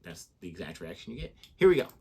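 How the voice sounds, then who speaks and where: A man's voice: lowish voice, big pitch swings, fast, creaky, darkish tone. A man co-hosting a reaction video in casual, rambling chat that trails off mid-thought, on a desk microphone. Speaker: reaction channel co-host. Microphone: desk USB microphone.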